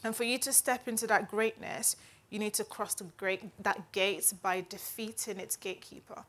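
A woman's voice: mid-range voice, fairly even intonation, moderate pace, a bit bright. A woman giving a conversational Bible teaching in an earnest, chatty way, often checking in with "right?". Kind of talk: conversational devotional talk.

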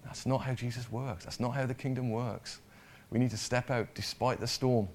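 A man's voice: medium pitch, fairly even intonation, moderate pace, a little mellow. Man preaching a conversational sermon. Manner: conversational, repeats words, asks the congregation questions.

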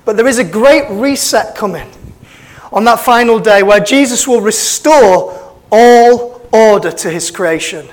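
High-pitched preacher man. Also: measured pace. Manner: impassioned, building to fervent emphasis. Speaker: pastor. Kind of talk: sermon. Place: church.

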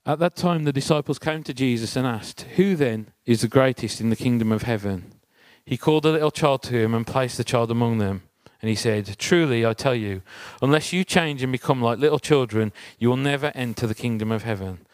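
A church speaker with a mid-range voice, recorded with no room sound, gives a chatty, conversational sermon. He shares a personal story and puts rhetorical questions to the congregation.

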